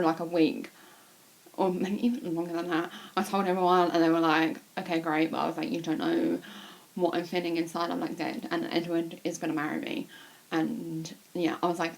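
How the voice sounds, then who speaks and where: A young woman chatting casually to camera, swearing freely and gushing like an excited fan. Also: lowish voice. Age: young adult. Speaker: vlogger.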